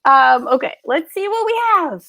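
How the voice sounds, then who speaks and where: A woman's voice: high-pitched, lively intonation, normal speed, gravelly, sharp tone. A woman hosting a casual livestream, unboxing art books and gushing with gasps and laughs. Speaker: art school host.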